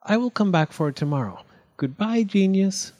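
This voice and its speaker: A man doing a gushing, high-voiced Circle. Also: moderate pace, in a large hall. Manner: high, airy and excited. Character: admiring female circle, bright and gushing.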